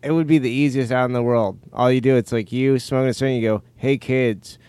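A man, a comedian guest on a podcast, trading deadpan, absurd jokes. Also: medium pitch, rapid-fire, clear, resonant tone, no room sound. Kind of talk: casual comedic banter.

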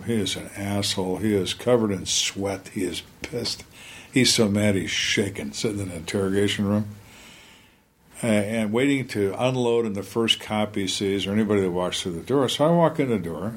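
Older male ex-detective guest, husky and low, animated delivery, dry storyteller. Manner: dry, emphatic storyteller who acts out suspects' lines. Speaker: retired homicide detective, guest. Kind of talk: storytelling in conversation.

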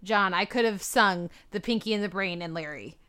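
Smooth-voiced woman co-hosting a chat. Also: medium pitch, normal speed, pushed and bright. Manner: chatty, hedges with fillers. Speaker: podcast co-host. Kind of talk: casual chat.

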